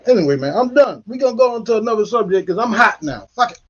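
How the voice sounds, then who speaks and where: Male host, high husky voice, furious profane rant, dull lo-fi audio. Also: lively intonation, fast. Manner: angry, profane ranting. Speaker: political commentary host. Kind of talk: heated solo commentary.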